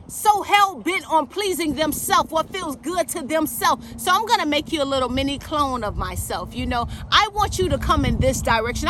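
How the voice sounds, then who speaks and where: Woman preacher, very high and bright, emphatic, faint vehicle hum behind. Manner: emphatic, preacherly, calls listeners baby. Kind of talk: fiery preaching monologue.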